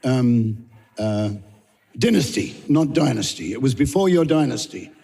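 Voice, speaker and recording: A man's voice: mid-range voice, lively intonation, measured pace, warm tone, long reverb tail. An older man from Australia, a guest actor chatting through anecdotes and chuckling as he goes. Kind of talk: casual anecdote telling.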